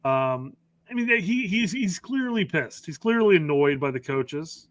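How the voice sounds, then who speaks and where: A middle-aged man co-hosting a casual soccer podcast, talking in an animated, profane way with joking asides. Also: high voice, moderate pace, dry recording. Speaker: podcast co-host.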